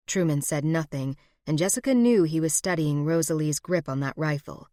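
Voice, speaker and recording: Woman narrator, audiobook, low voice, very dry close sound, steady pace. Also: normal speed, few pauses, no room sound. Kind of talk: scripted narration.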